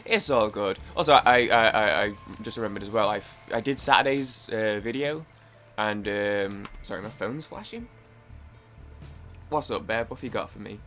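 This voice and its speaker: A man's voice: fairly low pitch, normal speed, a bit bright, soft background music. A man chatting casually while playing a video game, rambling, restarting his sentences and swearing now and then. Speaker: gaming YouTuber. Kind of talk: casual let's-play chat.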